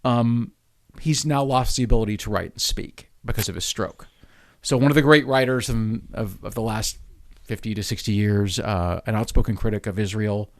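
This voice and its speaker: A man's voice: on the low side, moderate pace, no echo, studio quality. A man co-hosting a podcast, chatting casually about politics and laughing easily at his own jokes. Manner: laughs easily, jokey asides. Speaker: podcast co-host.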